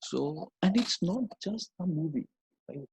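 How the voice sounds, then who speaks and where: A man's voice: fairly high pitch, lively intonation, unhurried, gravelly, breathy edge, rough recording. A man talking casually as a podcast guest over a video call, wandering through his points and tagging sentences with "right?" and "you know". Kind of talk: casual chat.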